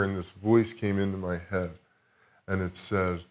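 A man with a somewhat low voice chats as a podcast guest. He tells his story loosely, with plenty of swearing and a reflective turn, in a casual, unscripted way. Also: steady tone, measured pace. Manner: profane, rambling, reflective.

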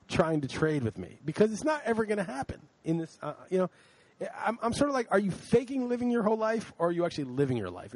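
A high-pitched man rants profanely and animatedly in casual podcast chat, where he's a co-host. He swears a lot and sounds tired, as it's late at night. There's no echo on the recording.

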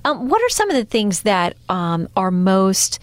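A woman's voice: mid-range voice, big pitch swings, a little slow, dry recording. A woman hosting a podcast interview, talking in a chatty, encouraging way. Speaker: podcast host. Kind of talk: conversational interview.

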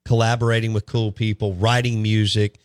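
A man hosting a radio show, upbeat and quick to plug events. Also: on the low side, flat delivery, no room sound. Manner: upbeat, laughs easily, plugs events. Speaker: radio sports show host. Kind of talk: casual radio chat.

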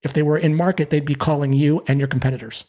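A man with a fairly high, husky voice talks through sales advice. He is animated and slips into playful voices when he acts out calls. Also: fast talker. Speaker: sales trainer. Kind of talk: podcast interview answers.

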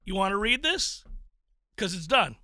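A man hosting a sports talk show, telling stories in an animated, theatrical way. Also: high-pitched, measured pace, no room sound. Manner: animated, theatrical storytelling with laughs. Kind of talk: casual chat.

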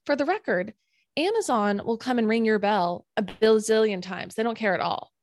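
A young woman co-hosting a podcast, telling a story in a casual, animated way, full of fillers and acted-out quotes. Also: a little high, moderate pace. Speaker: podcast co-host.

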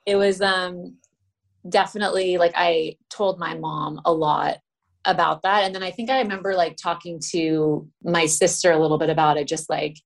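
A pregnant woman from Los Angeles chatting as a guest, effusive and quick to act out what people said to her. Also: lowish voice, steady tone, vocal fry. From Los Angeles, USA. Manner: effusive, acts out quoted exchanges. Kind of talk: casual chat.

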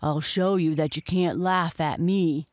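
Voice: mid-range voice, measured pace, no echo, natural voice. A storyteller voicing an angry, bullying big boy hippo who growls his threats. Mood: threatening. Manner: growling, grunting.

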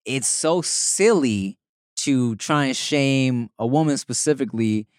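This is a man with a mid-range voice, hosting a podcast in a relaxed, casual way. He often tags his points with "you know what I'm saying". The sound is dry and close. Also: medium pitch, unhurried, clear, resonant tone, no room sound. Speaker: podcast host. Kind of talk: casual chat.

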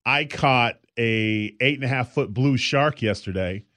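Guy rambling thru a story on a podcast, um and uh everywhere, mid pitch, dead dry mic. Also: unhurried, sharp tone, dry recording. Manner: rambling storyteller, many fillers. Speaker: podcast co-host. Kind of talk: casual chat.

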